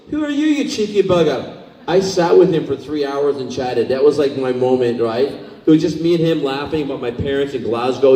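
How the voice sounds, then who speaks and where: A man telling stories as a convention panel guest, lively and laughing often as he acts out what people said. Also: mid-range voice. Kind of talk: anecdotal storytelling on stage. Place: large convention hall. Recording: echoey hall, mic far off.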